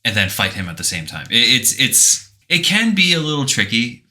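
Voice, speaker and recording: Animated man with a very bright voice. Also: mid-range voice, a little fast. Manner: animated, joking, many fillers. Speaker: podcast co-host. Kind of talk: casual chat.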